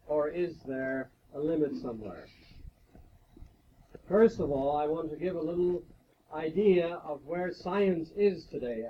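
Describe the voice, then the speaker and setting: A man giving a measured, explanatory lecture-style talk at a faculty retreat, posing rhetorical questions as he goes. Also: on the high side, a little hiss or hum. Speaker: guest speaker at a faculty retreat devotion. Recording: dull lo-fi 1980s tape recording.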